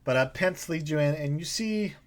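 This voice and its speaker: A man's voice: on the high side, animated, moderate pace. A man narrating as game master in a tabletop game, casual with many fillers.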